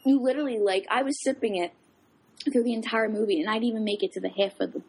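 A woman co-hosting a casual chat, rambling through stories with lots of fillers and animated asides. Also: a little high, fast, a crowd in the background.

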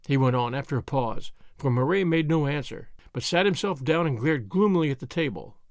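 A man narrating an audiobook in an expressive, dramatic reading style. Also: on the high side, a little fast, few pauses, no echo, studio quality. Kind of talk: scripted narration.

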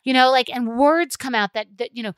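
Middle-aged woman host on a rant, animated, dry close recording. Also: high-pitched, a little fast, clear, resonant tone, no echo. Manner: animated, mocks a calm whispery customer-service voice. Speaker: podcast host. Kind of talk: solo ranting podcast talk.

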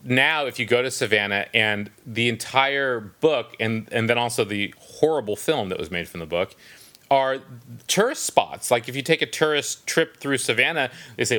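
Bright-toned man musing thoughtfully. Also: mid-range voice, animated. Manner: thoughtful, halting, many restarts and ums. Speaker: book podcast co-host. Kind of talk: casual book discussion.

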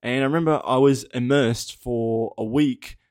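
A man's voice: mid-range voice, steady tone, normal speed, darkish tone, no echo, clean studio sound. A young Australian man hosting his own podcast, telling stories in a candid, casual way, swearing freely and laughing often. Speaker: podcast host. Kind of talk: casual solo podcast storytelling.

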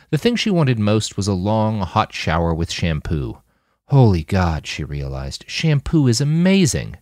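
A man narrating an audiobook chapter in a scripted, expressive reading on a close mic. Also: fairly low pitch, dry recording. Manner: expressive, wide-ranging reading.

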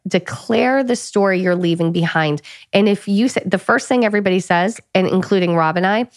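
A woman co-hosting a podcast, giving earnest advice in casual chat and slowing down for emphasis. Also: medium pitch, no room sound, studio quality. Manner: earnest, advising, slows for emphasis. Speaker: podcast co-host.

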